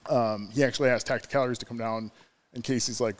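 A man's voice: medium pitch, steady tone, fast. A man from New York State, a podcast guest, telling stories in casual chat, rambling with lots of fillers.

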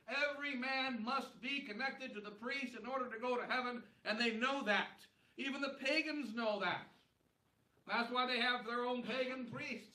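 A man's voice: very high-pitched, sharp tone. A man preaching a sermon at Mass, with emphatic repetition. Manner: emphatic repetition, rising and falling for stress. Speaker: priest preaching at a Solemn High Mass. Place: large church. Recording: echoey church heard from a distance.

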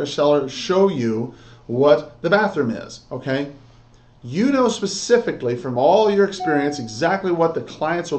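A man whose voice is on the high side and a little mellow gives instructional talk to real estate agents in an echoey room. He role-plays a sales script with them, repeatedly asking "okay?" and "all right?".

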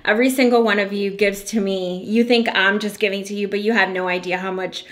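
A woman hosting her own candle-making channel talks straight to her viewers in a casual, effusive way. Her voice sits at an ordinary middle pitch, and she sounds heartfelt and open with her audience. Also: steady tone, a little fast, fairly bright tone. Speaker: candle maker and channel host. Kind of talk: casual vlog talk to viewers.

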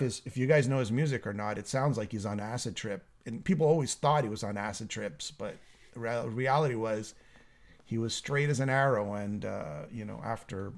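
Canadian host guy, gravelly voice, easygoing, cracks jokes. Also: fairly low pitch. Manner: laid-back, joking. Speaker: interview host. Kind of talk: casual interview chat.

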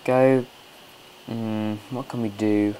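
A man's voice: fairly low pitch, fairly even intonation, takes it slowly, mellow, a little hiss or hum. A man hosting a casual gameplay commentary from home, chatty, coaxing and scolding his game characters. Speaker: let's play host.

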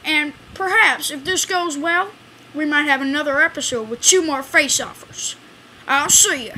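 A woman's voice: sits high, moderate pace, bright, forceful tone, a little hiss or hum. A woman hosting a homemade talent show skit, rambling playfully with many fillers and self-corrections.

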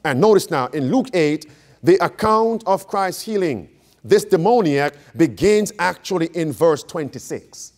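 A man's voice: on the high side, expressive, a little slow, darkish tone. A man preaching an interactive Bible study, quizzing his audience and repeating key phrases for emphasis. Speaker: preacher teaching a Bible class.

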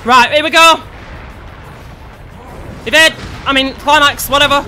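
High, bright sweary woman gamer. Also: normal speed, pauses often, a little hiss or hum. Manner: sweary, shouty and frustrated. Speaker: gameplay commentator. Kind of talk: let's-play commentary.

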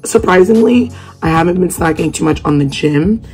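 A woman's voice: on the low side, expressive, moderate pace, darkish tone, soft background music. A young woman chatting casually to camera in a vlog at home, rambling with lots of fillers and restarts. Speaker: vlogger. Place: at home, indoors.

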